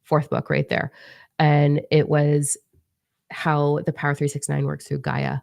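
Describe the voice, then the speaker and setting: A young woman with a low voice and lots of vocal fry talks in a chatty, animated vlog. She swears casually as she tells her stories. The sound is close and dry, with no room echo. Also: unhurried. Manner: chatty, profane, animated storytelling. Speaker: spiritual teacher and author.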